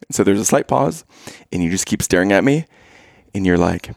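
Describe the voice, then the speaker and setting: A man's voice: deep voice, animated, moderate pace, gravelly, long pauses, no echo, clean studio sound. A man in his thirties telling a playful, teasing family story to his listeners. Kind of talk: casual storytelling to camera.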